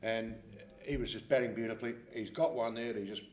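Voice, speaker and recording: A man's voice: mid-range voice, fairly even intonation, fast talker. Australian man, jokey co-host, teasing banter, mid-range voice, echoey room sound. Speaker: co-host, former cricketer. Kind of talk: casual chat. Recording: roomy echo.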